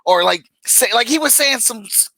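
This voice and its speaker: Animated high-voiced man ranting. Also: normal speed, vocal fry, no echo, low-quality recording. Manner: animated, exasperated ranting with laughs. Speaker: podcast co-host. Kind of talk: casual chat.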